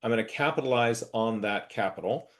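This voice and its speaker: A man's voice: mid-range voice, a little fast, a bit bright. A man hosting a casual interview, thinking aloud and restarting phrases as he sums up ideas. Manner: reflective, many restarts and hedging fillers. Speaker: host, interviewer.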